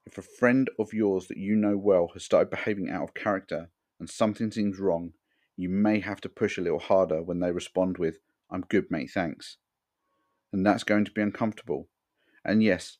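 Deep-voiced man, earnest podcast monologue. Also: darkish tone. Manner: frank, earnest. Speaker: podcast host.

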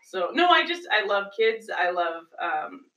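Bright, laughing woman teacher guest. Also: mid-range voice, big pitch swings, recorded from a distance, poor audio. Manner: laughs often, halting, trails off. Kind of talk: casual podcast chat.

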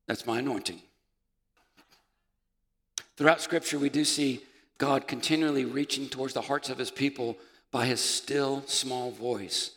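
A man preaching a sermon as pastor, building from quiet reflection to fervent shouting. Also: medium pitch, steady tone, a little slow, pauses often. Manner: impassioned preaching, rising to shouts. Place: church sanctuary. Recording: reverberant church hall.

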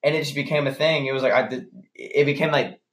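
A young man chatting casually as a podcast co-host, playful and quick to laugh. His voice sits at a medium pitch and carries a noticeable room echo. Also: steady tone, a bit bright. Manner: playful, laughs often, jokingly acts out lines. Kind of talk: casual chat.

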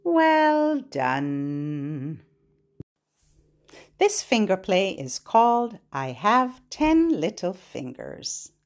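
A woman's voice: mid-range voice, sing-song, extremely slow, long pauses. A woman hosting a phonics lesson for toddlers, talking in a playful, exaggerated sing-song way. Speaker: preschool phonics host.

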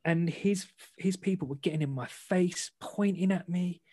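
A man, an interview guest and boxer, frankly recounting a personal story in a self-deprecating, animated way. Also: high-pitched, moderate pace, no room sound.

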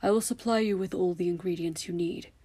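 A woman voicing an elderly male headmaster, calm and commanding, speaking softly and often in a whisper in a storybook reading. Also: mid-range voice, husky. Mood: hushed. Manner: soft, measured, often whispered.

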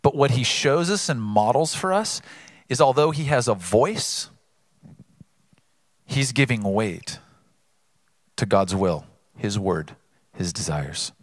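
Male pastor, sermon delivery. Bright, forceful voice, dry close mic. Earnest, swings between emphatic peaks and low asides. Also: dry recording. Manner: animated storyteller.

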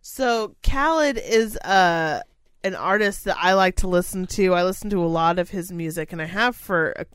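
Woman podcast co-host, profane exasperated rant, smooth clear voice, dry close sound. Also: mid-range voice, a bit bright, dry recording. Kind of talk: casual chat.

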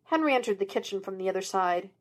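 A woman's voice: medium pitch, expressive, quick pace. Woman reading fan fiction aloud. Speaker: audiobook reader.

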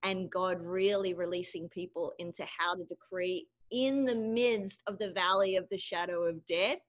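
A woman's voice: lowish voice, steady tone, moderate pace, dull audio. A woman with an Australian accent, a guest author speaking earnestly on a faith podcast. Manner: earnest, heartfelt, laughs easily. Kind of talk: podcast interview.

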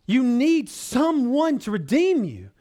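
High-voiced pastor preaching earnestly. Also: male voice, huge pitch swings, slow pace. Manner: earnest preaching, swings between loud pleading and hushed low tones; addresses congregation as brothers and sisters. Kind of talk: sermon.

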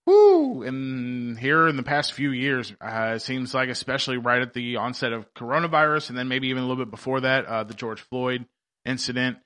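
A man's voice: medium pitch, fairly even intonation, brisk, bright, forceful tone. A man hosting a faith podcast, chatting casually in an upbeat, rambling way with many fillers and restarts. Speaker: podcast host.

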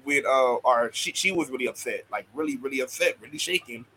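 A man's voice: mid-range voice, brisk, sharp tone, slight background noise, low-quality recording. A man co-hosting a casual wrestling chat, joking around and stumbling over repeated words. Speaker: podcast co-host.

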